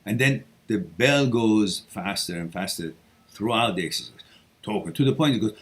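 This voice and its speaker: Husky animated man hosting a live Q&A. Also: mid-range voice, normal speed. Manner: animated, breaks into chanting and shifts between loud and hushed. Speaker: host answering viewer questions. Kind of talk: live Q&A stream.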